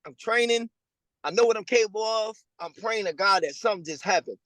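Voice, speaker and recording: A man, a guest telling his story over a remote call in a casual, slangy way and acting out other people's lines in a higher voice. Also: fairly quick, fairly bright tone, dry recording, low-quality recording. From Louisiana. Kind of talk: storytelling interview. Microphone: remote call over a weak connection.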